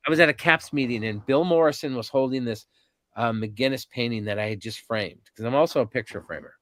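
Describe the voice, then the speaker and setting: A man in his fifties, a podcast guest, telling animated stories in casual talk with frequent ums and restarts. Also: mid-range voice, fairly quick, no echo. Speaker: podcast guest, convention organizer. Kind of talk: casual storytelling interview.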